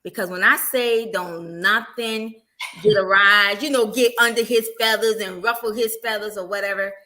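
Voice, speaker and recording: A middle-aged woman speaks as a guest evangelist. Her tone is bright and clear, and she tells stories with animation. She talks about faith in an easy, conversational way. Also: medium pitch, moderate pace, slight background noise. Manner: animated storytelling, acting out everyday quotes. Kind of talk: casual faith testimony.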